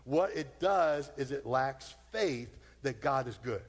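A man's voice: medium pitch, animated, slow pace, in a large hall. A man preaching a sermon as a pastor, talking in a loose conversational way and acting out the voices of his listeners.

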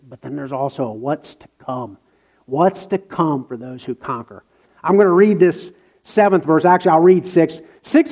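A man's voice: on the high side, a little mellow. A man who is a church elder, preaching an earnest sermon with repeated emphatic lines and folksy grammar.

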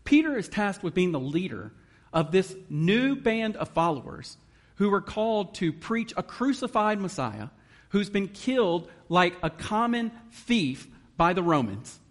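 Man, sermon, earnest, explains scripture, somewhat high-pitched. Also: very animated, measured pace. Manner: earnest, emotional at times, reads scripture aloud. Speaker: guest preacher.

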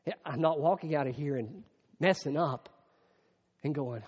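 Male pastor, sermon delivery, dynamic from hushed to emphatic; echoey hall. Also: fairly high pitch, normal speed, slightly rough. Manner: swings from hushed reflection to raised emphatic preaching. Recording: muffled long-reverb hall sound.

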